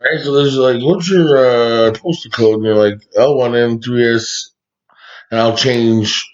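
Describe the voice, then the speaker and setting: A man's voice: medium pitch, a little slow. A man co-hosting a casual podcast, joking about scam calls and swearing freely. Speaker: podcast co-host. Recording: dull lo-fi sound.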